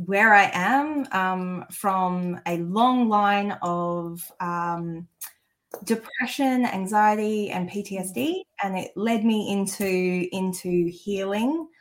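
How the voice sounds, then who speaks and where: An Australian woman, a guest on a podcast, talking in an unhurried way with many pauses and ums. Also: medium pitch. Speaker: guest, Reiki teacher. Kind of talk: casual podcast chat.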